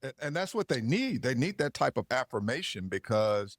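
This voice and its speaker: A man's voice: mid-range voice, big pitch swings, moderate pace, dry recording, studio quality. A man hosting an interview podcast, reflecting on the guest's stories and affirming them, with occasional laughs. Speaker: podcast host. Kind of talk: interview talk.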